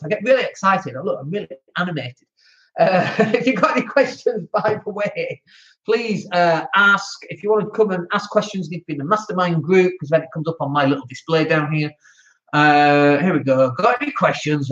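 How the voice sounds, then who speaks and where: An excitable Northern English man hosting a podcast, talking casually about running rental properties with mock outrage. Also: fairly high pitch, highs cut off. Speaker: podcast host, landlord. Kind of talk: animated casual talk.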